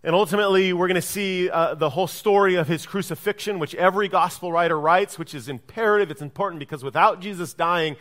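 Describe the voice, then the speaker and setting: A man's voice: sits high, quick pace, hardly any pauses, fairly bright tone. A male pastor preaching a sermon, who keeps checking in with listeners by asking "right?" and acts out the quoted speech in his story. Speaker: lead pastor.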